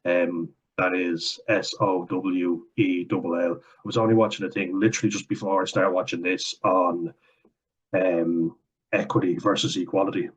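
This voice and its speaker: A man's voice: sits low, flat delivery, normal speed, husky, poor audio. A young Irish man with a blunt, sarcastic, sweary way of talking, reacting to comments in casual commentary. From Ireland.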